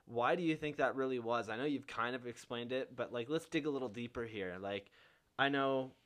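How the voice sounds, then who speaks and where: A man's voice: mid-range voice, fairly quick, a bit bright. A young man hosting a podcast in casual chat, laid-back, peppering his talk with swearing and fillers. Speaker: podcast host.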